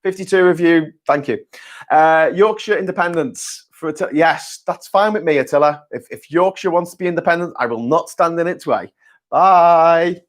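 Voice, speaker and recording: Man, live-stream host, sweary, rambling, slightly high voice. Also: moderate pace. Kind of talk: casual live-stream chat.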